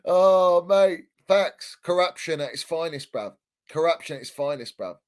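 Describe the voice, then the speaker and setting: A man's voice: fairly high pitch, lively intonation, unhurried. A man hosting a fan channel livestream, ranting heatedly in slang and repeating himself. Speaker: football fan channel host.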